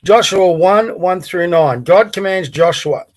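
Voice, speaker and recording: A man with a somewhat high speaking voice hosts his morning livestream. He rambles casually, dropping fillers as he chats and reads scripture. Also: measured pace, darkish tone, a little hiss or hum. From Australia. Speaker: podcast host. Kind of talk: casual morning commentary and Bible reading. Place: Melbourne, by the bay.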